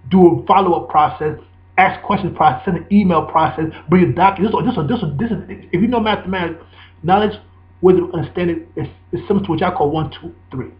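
A man's voice: high-pitched, a little fast, dull audio. A man delivering a profane, preachy ranting monologue full of repetition and street slang.

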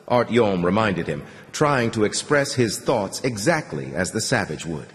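A man narrating an audiobook in a dramatic, expressive reading style. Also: lowish voice, moderate pace, few pauses. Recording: long reverb on the voice.

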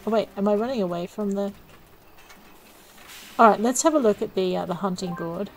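Lady chatting thru her game, mid pitch, jokey and a bit self-mocking, talking to herself on a desk mic. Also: fairly quick, faint music behind, rough recording. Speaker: let's play gamer. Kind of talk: casual gameplay commentary.

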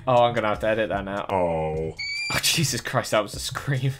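A young man, giving jokey, excitable commentary while reacting to funny animal videos for his channel. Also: fairly low pitch, brisk, over loud music. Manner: excitable, jokey, talks to the viewer. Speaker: YouTuber reacting to animal clips.

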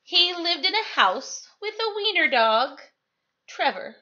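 A woman teacher reading a picture book aloud to her students, expressive and sing-song, recorded at home. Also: very high-pitched, slow pace, highs cut off. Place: home, indoors.

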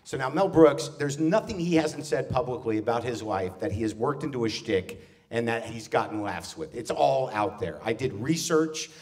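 A man, a comedian, telling a long story on a theater stage in front of a live audience, quickly slipping into voices of the people in it. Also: medium pitch. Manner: animated, does quick voices of people in his stories. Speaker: guest comedian. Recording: distant stage mic.

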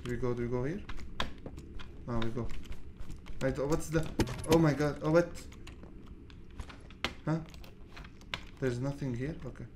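A gaming channel host giving laid-back let's play commentary, mumbling and swearing, then yelling at the monsters. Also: mid-range voice, measured pace, pauses often, noisy background.

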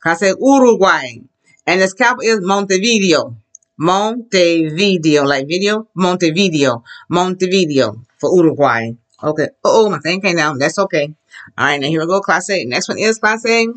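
Upbeat teacher voice, very animated, drilling a class and drawing out words to demonstrate pronunciation. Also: mid-range voice. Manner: slows down to model pronunciation. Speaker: Spanish teacher. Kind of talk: classroom language lesson.

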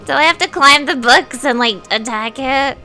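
A woman streaming a game, giving casual, profane and excitable commentary. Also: high-pitched, normal speed, faint music behind.

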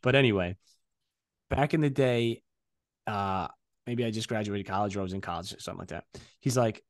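A man co-hosting a podcast, telling a story in casual, profane, animated chat. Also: fairly low pitch, fairly quick, dry recording. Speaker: podcast co-host. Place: podcast studio.

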